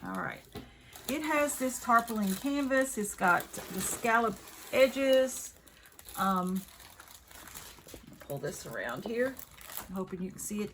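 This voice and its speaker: A Southern woman talks through a craft unboxing at an easy, slow pace, rambling a bit and catching her own slips. Her pitch sits in the middle of a woman's range. A faint background noise runs under the recording. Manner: chatty, rambling, self-correcting. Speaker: craft video host. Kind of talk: casual unboxing chat.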